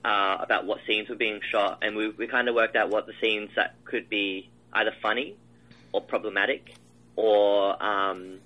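A man's voice: lowish voice, steady tone, moderate pace, pushed and bright, low-quality recording. A man, a film director, describing his shoot in a casual interview, rambling with many fillers and restarts.

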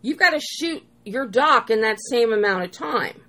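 A woman interviewing a filmmaker, asking slow, deliberate questions. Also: on the high side, lively intonation, a bit bright. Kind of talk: casual interview.

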